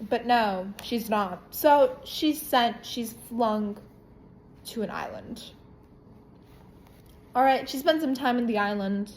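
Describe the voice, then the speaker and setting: A woman casually reviewing a book, retelling the plot in an irreverent, profane, animated way. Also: a little high, measured pace, slight background noise, rough recording.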